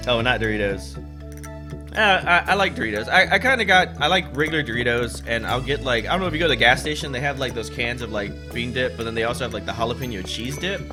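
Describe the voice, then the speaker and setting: A man's voice: medium pitch, fast. A man giving rambling, chatty let's play commentary while playing a farming game, with casual swearing. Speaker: gaming channel host. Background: game music.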